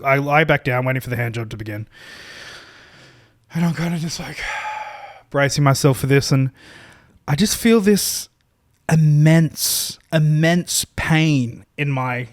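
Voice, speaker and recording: A man's voice: a little high, unhurried, pauses often, no echo, clean studio sound. A man co-hosting a podcast, telling a long, rambling, self-deprecating story in a casual, profane way, full of restarts. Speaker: podcast co-host.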